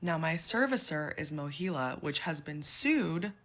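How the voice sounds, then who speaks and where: A public sector worker in her twenties tells her own story in a personal video, exasperated, emotional and close to tears. Her voice is deep, animated and a bit bright, delivered at a measured pace.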